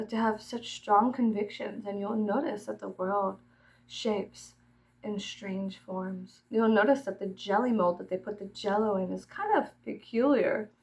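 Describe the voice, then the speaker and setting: A woman's voice: medium pitch, vocal fry, poor audio. A woman from Texas with a Texan accent, rambling casually and profanely, often laughing and dropping to a murmur. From Texas, USA. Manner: giggly, profane, freewheeling, drops to murmurs. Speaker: vlogger.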